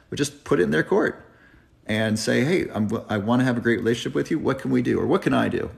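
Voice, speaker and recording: A man in his thirties with a gravelly, creaky voice answers viewer questions live. He speaks earnestly and reflectively, pausing to think, in a lowish register. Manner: earnest, reflective, tearing up at times. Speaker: health channel host. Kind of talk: live Q&A chat. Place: driving, in a car.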